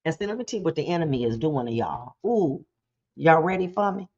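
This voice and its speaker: A woman hosts a motivational talk show, preaching in a lively, conversational style and briefly putting on voices to act things out. Her voice is low and the sound is lo-fi.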